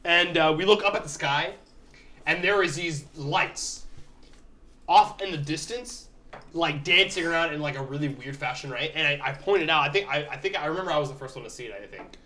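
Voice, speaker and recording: A man's voice: a little high, fairly quick, pushed and bright, a little hiss or hum. A man casually telling a rambling story among friends on a podcast, saying "like" a lot. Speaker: podcast co-host.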